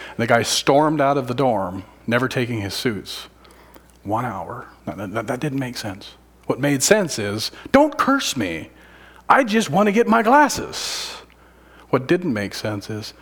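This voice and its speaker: Male preacher, low husky voice, sermon delivery that drops to whispers for effect. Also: moderate pace. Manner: swings from loud emphatic lines to hushed whispers.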